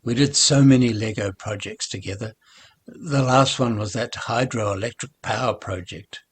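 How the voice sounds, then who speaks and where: A grieving old grandfather in a children's storybook, voiced by a male reader. His voice is very husky and breathy, and he speaks haltingly, stumbling over his words. The pitch sits in a middle range for a man. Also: natural voice. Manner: halting, stammering, subdued. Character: grieving older grandfather, once grumpy.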